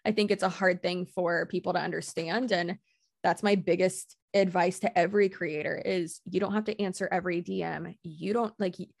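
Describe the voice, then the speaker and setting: A woman's voice: lowish voice, fairly even intonation, normal speed, creaky, dry recording, clean studio sound. A woman talking casually and bluntly as a podcast guest, assertive, swearing freely and laughing often. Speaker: guest content creator.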